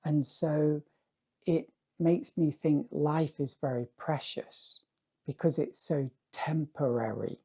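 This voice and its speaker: A man, an artist, talking casually to the camera in a rambling, musing way with a hoarse voice that is going dry. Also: on the high side, fairly even intonation, slow. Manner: rambling, musing, often asks "yeah?".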